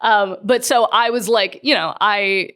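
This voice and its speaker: A woman's voice: mid-range voice, fairly even intonation, a little slow, a bit bright. A woman in her twenties, a podcast guest chatting casually, laughing often and restarting her sentences. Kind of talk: casual chat.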